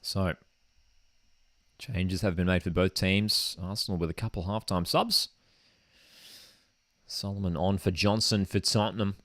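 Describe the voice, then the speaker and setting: A man's voice: sits low, steady tone, unhurried, long pauses, fairly bright tone, no room sound. A man hosting a live football watchalong, casual and enthusiastic, often saying "man". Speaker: football streamer and host. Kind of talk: live match watchalong commentary. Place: home streaming desk setup.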